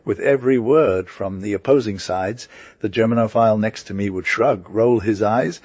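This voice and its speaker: A man narrating a novel aloud in a steady reading manner, with the occasional slip and restart. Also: lowish voice, moderate pace, dry recording. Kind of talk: audiobook reading.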